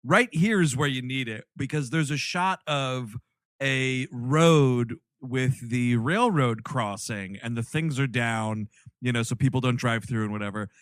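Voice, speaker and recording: A man co-hosting a comedy movie podcast, riffing in a casual, animated way. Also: medium pitch, measured pace, no room sound, studio quality. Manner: animated, riffing, laughs often. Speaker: podcast co-host.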